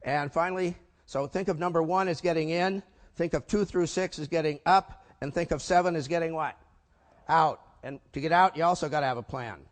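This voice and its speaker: A man's voice: a little high, a little fast. An older man giving a punchy business conference talk, tossing rhetorical questions to the audience. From United States. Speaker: keynote speaker. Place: large conference hall. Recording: echoey hall.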